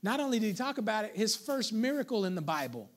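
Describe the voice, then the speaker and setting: High-voiced pastor preaching playfully. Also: male voice, sing-song, fast talker. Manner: conversational, playful preaching with call-outs to the congregation. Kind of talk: sermon.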